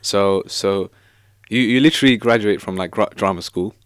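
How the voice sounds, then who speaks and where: A man with a fairly low voice hosts a casual interview. He asks curious, probing questions and stumbles over repeated words before he gets going. The sound is close and dry. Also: moderate pace, clear, resonant tone, no echo. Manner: inquisitive, stammering repeats. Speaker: podcast host.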